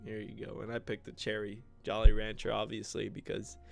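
Gravelly young man rambling on a podcast. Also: on the low side, monotone, brisk, soft background music. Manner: rambling, joking, says bro, mimics people in his stories. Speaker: podcast host and content creator. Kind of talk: casual solo podcast storytelling.

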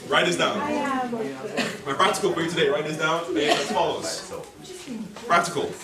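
A man preaching a sermon in a church, animated and dramatic, repeating key phrases and drawing responses from the congregation. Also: a little high, moderate pace, over a noisy crowd. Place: church hall. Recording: echoey hall, distant mic, background noise.

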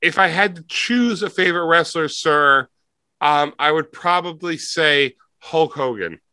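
A man's voice: fairly high pitch, animated, a little slow, bright, forceful tone. A man voicing a formal, patient male orphanage clerk who keeps calling the caller sir. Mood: polite firm.

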